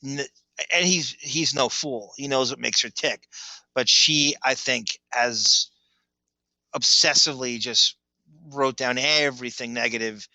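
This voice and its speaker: A man's voice: mid-range voice, sharp tone, dry recording, rough recording. A man co-hosting a podcast, talking in long, emphatic run-on sentences. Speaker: podcast co-host. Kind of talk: casual chat.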